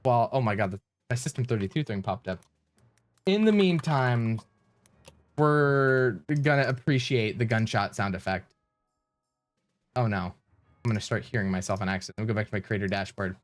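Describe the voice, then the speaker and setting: A man's voice: fairly low pitch, normal speed, pauses often. A man live streaming, flustered and rambling as he fiddles with his stream settings and thanks viewers.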